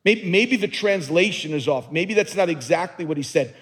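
Earnest high-voiced male pastor, reverberant hall. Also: lively intonation, normal speed, fairly bright tone, slightly rough. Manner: earnest, emphatic, repeats words. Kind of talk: sermon. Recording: long reverb of a large hall.

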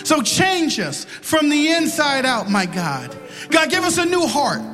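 A man's voice: extremely high pitch, very animated, a little slow, in a large hall, music in the background. A man preaching and leading an altar-call prayer, building into impassioned, repetitive pleading. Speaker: pastor.

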